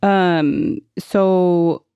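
Giggly low-voiced woman podcaster. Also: extremely slow, warm tone, smooth, no echo, lo-fi sound. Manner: giggly, chatty, reading from notes. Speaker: podcast co-host. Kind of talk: casual chat, reading notes.

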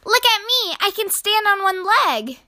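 Woman doing a young penguin big brother, high bright voice, lively, a little bossy. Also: measured pace, dry recording, studio quality, exaggerated voice.

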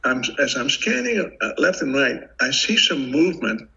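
Older male podcast guest, gravelly and forceful, animated storyteller; muffled lo-fi recording. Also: medium pitch, normal speed. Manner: vivid, animated retelling with many restarts. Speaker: podcast guest, retired FBI agent. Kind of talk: casual storytelling interview. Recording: dull lo-fi audio.

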